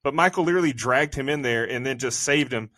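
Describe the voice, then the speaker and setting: A man's voice: mid-range voice, fast talker, pushed and bright, no echo, clean studio sound. A man co-hosting a casual movie review podcast, venting in a profane, exasperated rant. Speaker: podcast co-host.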